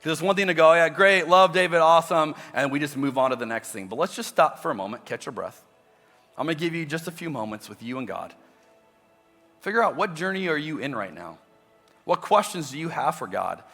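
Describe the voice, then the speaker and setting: Male pastor, bright forceful tone, conversational sermon in a reverberant church hall. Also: mid-range voice, very animated, brisk, husky, faint music behind. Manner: conversational, acts out imagined voices. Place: church auditorium.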